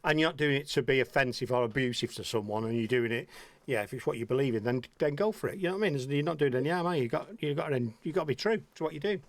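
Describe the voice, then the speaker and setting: A man's voice: medium pitch, racing, dry recording. A middle-aged man from the English Midlands hosting a radio interview, chatty and rambling, swearing freely. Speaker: radio host. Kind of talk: casual interview chat.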